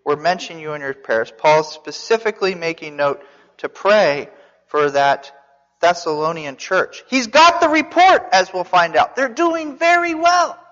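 A man's voice: sits high, sing-song, unhurried, fairly bright tone. A man teaching a Bible sermon as a pastor, conversational, asking his listeners questions with some restarts. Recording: dull sound in a reverberant hall.

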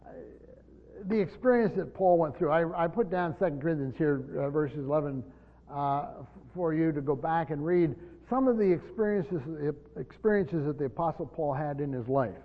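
Halting male preacher in a reverberant hall. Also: fairly high pitch. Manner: halting, repeats words while explaining. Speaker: pastor. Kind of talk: expository sermon. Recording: muffled recording with long hall reverb.

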